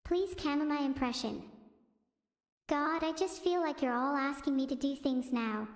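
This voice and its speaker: A synthetic female voice streaming casual stand-up style chat, with flat text-to-speech delivery and self-absorbed jokes. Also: high voice, unhurried, roomy sound, in a large hall.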